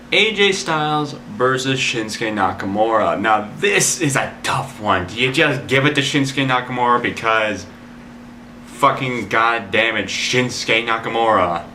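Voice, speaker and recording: A man's voice: mid-range voice, animated, normal speed, sharp tone, faint music behind. A man giving casual spoken predictions as a video blogger, rambling and opinionated, full of "like" fillers and the odd curse. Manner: opinionated, swears in frustration.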